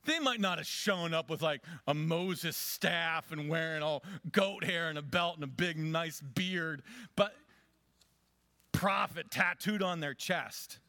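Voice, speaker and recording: Male pastor, animated sermon delivery, slightly high voice, loud urging then soft asides. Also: slow, no room sound.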